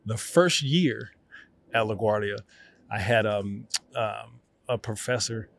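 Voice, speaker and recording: Lively New man telling stories. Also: lowish voice, takes it slowly, creaky. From New York. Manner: lively, acts out quotes. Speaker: guest, actor. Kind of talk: animated storytelling.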